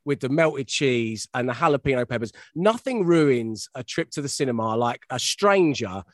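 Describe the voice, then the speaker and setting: A man's voice: mid-range voice, lively intonation, normal speed, dry recording, studio quality. A middle-aged man from London telling self-deprecating anecdotes in a casual chat. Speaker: radio host, guest curator.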